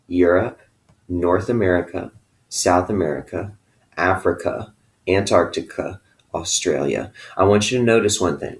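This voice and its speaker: A man teaching a recorded video lesson to students, upbeat and playful, often ending his phrases with a checking "okay?". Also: deep voice.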